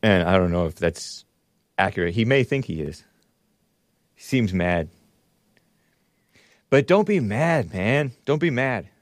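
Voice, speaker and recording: A man's voice: fairly low pitch, sing-song, a little slow, long pauses, no echo, clean studio sound. A man hosting a talk show, giving casual commentary on news clips with wry, chuckling asides. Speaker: show host.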